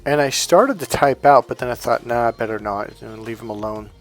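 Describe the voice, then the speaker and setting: A man giving a casual spiritual monologue as a coach, animated and self-assured, often laughing at his own points. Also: mid-range voice, brisk, soft background music.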